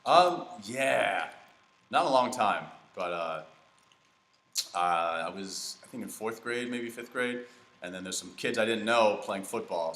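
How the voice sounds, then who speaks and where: A man's voice: sits low, a bit bright. A man hosting a comedy podcast, chatting casually while playing a video game and telling rambling stories with fillers and restarts. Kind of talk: casual chat while gaming. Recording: echoey room.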